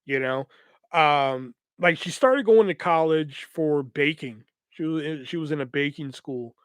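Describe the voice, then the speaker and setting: A young man telling a long, profane, rambling story on his podcast, acting out the people in it with quick voices. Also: on the high side, clear, resonant tone, dry recording. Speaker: podcast host. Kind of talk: casual storytelling.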